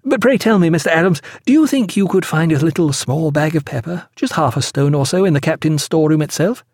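A wry ship's doctor speaks with mild, dry irony, as a man puts him on. His voice stays close to the reader's own with lively inflection. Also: on the high side, a little fast, no room sound, voice pushed up. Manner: wry, mildly ironic.

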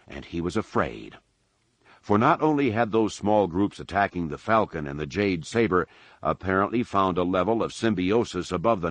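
A man giving scripted audiobook narration in a measured, dramatic reading. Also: low-pitched, no echo.

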